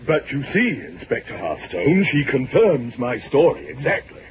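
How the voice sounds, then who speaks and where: A man's voice: mid-range voice, sing-song, normal speed, natural voice. An actor playing a nervous, evasive businessman under suspicion in a 1940s-style radio drama, defensive and protesting. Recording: lo-fi old radio recording with faint hiss.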